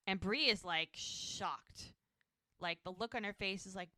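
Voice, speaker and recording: A woman's voice: fairly low pitch, moderate pace, sharp tone, no echo. A woman co-hosting a podcast, casually retelling a TV episode and acting out the characters' lines with lots of "like". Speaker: podcast co-host.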